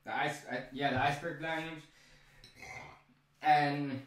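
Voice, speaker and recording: A man casually recapping a TV episode, rambling and excitable, stumbling over repeated words and restarts. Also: on the high side, slow, long pauses, very noisy. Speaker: show recap vlogger. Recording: very echoey room, mic far off.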